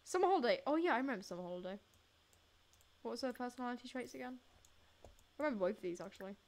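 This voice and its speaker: A woman's voice: on the high side, expressive, rapid-fire. Giggly woman chatting over gameplay. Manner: giggly, chatty, talks to game characters. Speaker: gaming video creator. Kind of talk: casual gameplay commentary.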